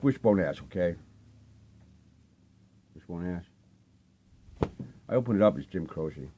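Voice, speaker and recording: A man's voice: low-pitched, animated, quick pace, mellow, highs cut off, a little hiss or hum. An older man casually showing off his record finds, talking in a loose, rambling, laid-back way with lots of fillers. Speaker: vinyl collecting vlogger. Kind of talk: casual rambling show-and-tell.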